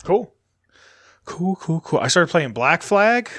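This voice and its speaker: A young man co-hosting a podcast, chatting casually and telling a story with lively energy and plenty of swearing. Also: on the high side, takes it slowly. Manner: animated storytelling, swears freely. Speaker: podcast co-host. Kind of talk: casual chat.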